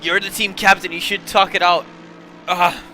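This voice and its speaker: A man's voice: high-pitched, little pitch movement, moderate pace, pushed and bright, a little hiss or hum. A young man commentating a sim race live while fighting a bout of hiccups, apologising and laughing at himself between calls. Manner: flustered, self-mocking, apologetic between calls.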